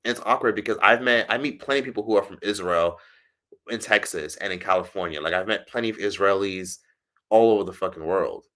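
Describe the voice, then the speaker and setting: A man's voice: fast, fairly bright tone. Chatty, profane American man streaming. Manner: chatty, profane, laughs often, mimics others in high voices. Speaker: streamer reading live chat. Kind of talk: casual livestream chat. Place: indoors in Algeria.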